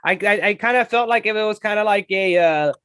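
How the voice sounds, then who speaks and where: A man's voice: high-pitched, fairly quick, sharp tone, smooth, no room sound. A man co-hosting a casual movie review chat, rambling with many filler words and frequent laughs. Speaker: podcast co-host.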